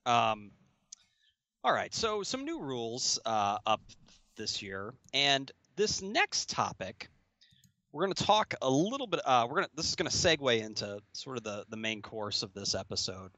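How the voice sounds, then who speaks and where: A man's voice: mid-range voice, very animated, normal speed, pushed and bright, dry recording, muffled recording. A man hosting a podcast in casual chat, rambling and laughing often. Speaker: podcast host.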